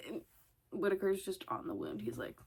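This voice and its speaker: A woman's voice: mid-range voice, sing-song, normal speed, husky. A woman rambling casually in a vlog, chatty and swearing, often breaking into laughter. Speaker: vlogger.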